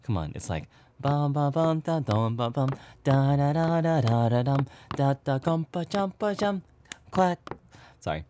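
A man's voice: medium pitch, big pitch swings, takes it slowly, long pauses, warm tone, slight background noise. A man voicing a playful young boyfriend who rambles in a goofy, scatterbrained way and is out of breath, in a whispered role-play.

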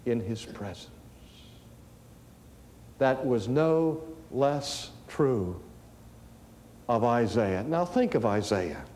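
A man preaching a sermon in a slow, deliberate way, building to raised emphasis. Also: high voice, warm tone. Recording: long hall reverb.

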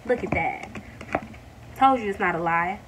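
A woman reads tarot cards for her viewers in a loose, chatty way, calling them y'all and drawing out excited exclamations. Her voice sits at an ordinary pitch. She sounds a little distant from the microphone, with a faint hiss behind her. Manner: excited, animated bursts with drawn-out exclamations; addresses viewers as y'all, many fillers. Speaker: tarot reader. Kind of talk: casual tarot reading.

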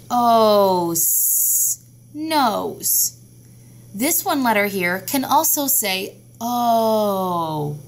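Woman teacher, slightly high voice, slow and patient phonics delivery, faint background hiss. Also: a bit bright. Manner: slow, patient, sounding out words. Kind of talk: classroom phonics lesson.

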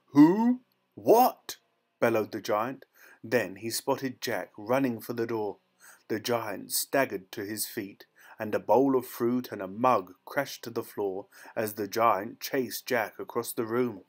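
A man reading a fairy tale aloud in a steady, expressive storytelling manner. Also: fairly low pitch, measured pace.

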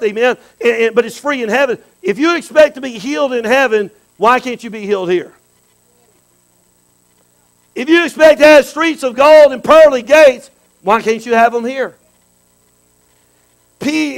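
A man, preaching a sermon as bishop, animated and repetitive, calling out for amens from the congregation. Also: very high voice, low-quality recording.

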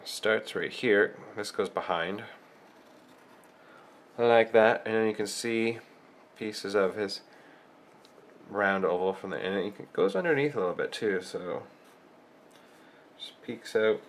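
A man with a cold walks through a drawing step by step, thinking aloud as he works. His voice sits low, and he talks very slowly and without hurry. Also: slight background noise. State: has a cold. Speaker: drawing tutorial host.

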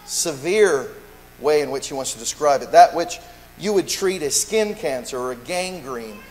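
Preacher in a reverberant church. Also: male voice, fairly high pitch, expressive, normal speed, darkish tone. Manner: earnest preaching, acts out dialogue, frequent restarts. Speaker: pastor. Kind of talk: sermon. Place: church sanctuary. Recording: long reverb, faint mains hum.

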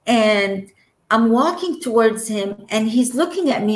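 Slow-talking woman, echoey room. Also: on the high side, animated. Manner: emotional, trails off and laughs between phrases. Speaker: interview guest. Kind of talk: personal storytelling.

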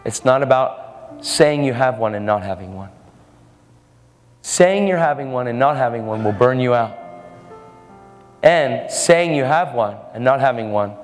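A man's voice: medium pitch, a little slow, long pauses. A man preaching a storytelling sermon in an earnest, casual way, often repeating his words. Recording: echoey hall with faint music.

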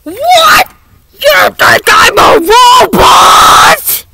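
A woman voicing a greedy, blustering old male crab boss in a fan dub of a cartoon, indignant and shouting. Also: sits high, expressive, normal speed, heavily acted. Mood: outraged.

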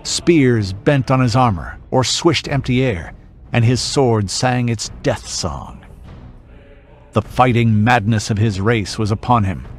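A man's voice: medium pitch, takes it slowly. A man reading a passage from a sword-and-sorcery story aloud, in a grave and theatrical manner. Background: soft background music.

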